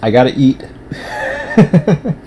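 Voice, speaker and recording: A fairly low-pitched man talks to his stream viewers in a loose, rambling way, restarting sentences and filling gaps. He chews as he speaks now and then. A faint air-conditioner hum sits behind him. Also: a little slow, darkish tone. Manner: rambling, many restarts and fillers. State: talking with mouth full. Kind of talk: casual livestream chat.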